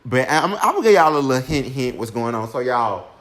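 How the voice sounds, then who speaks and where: A young man telling a personal story to his viewers in a casual, animated way, speaking straight to his audience. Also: mid-range voice, a little fast. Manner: animated, keeps addressing listeners directly. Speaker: storytime vlogger.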